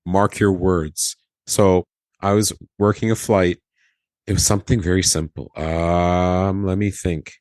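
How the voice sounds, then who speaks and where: A former flight attendant tells a story casually on a podcast, his low-pitched voice moving a little slowly in a dry recording. He's animated, acting out the quoted dialogue and laughing often.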